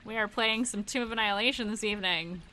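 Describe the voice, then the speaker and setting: A woman's voice: medium pitch, fast, sharp tone, a little hiss or hum. A woman narrating as dungeon master of a tabletop game, chatty and laughing often, thinking aloud with fillers.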